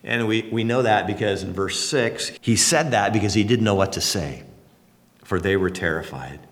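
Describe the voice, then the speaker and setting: A man preaching a sermon as a pastor, folksy and conversational, with sudden bursts of excitement. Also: fairly low pitch, moderate pace, big-room sound. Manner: animated, folksy and conversational, leaps up for exclamations.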